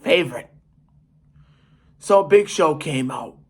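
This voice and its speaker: Here is a man telling a story in a casual podcast, slow and deliberate. His voice is high for a man and swings widely as he stresses each point. He sounds emphatic and animated. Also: breathy edge. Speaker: podcast host.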